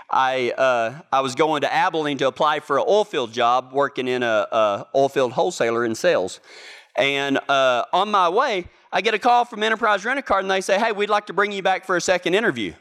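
A man's voice: mid-range voice, a bit bright, clean tone. A young man telling a casual, self-amused story and acting out the other people in it. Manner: folksy, self-amused, acts out the voices in his anecdote.

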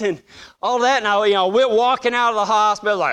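A man's voice: sits high, lively intonation, a little fast, a bit bright. A man preaching a sermon, telling funny personal stories and acting out the voices in them with a self-deprecating humor.

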